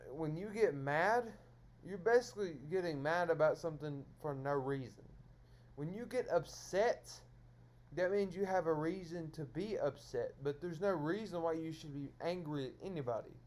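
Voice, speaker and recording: Man on a solo stream, scolding and repetitive, voice a bit high. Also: moderate pace, darkish tone. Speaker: streamer addressing viewers. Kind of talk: solo monologue to camera.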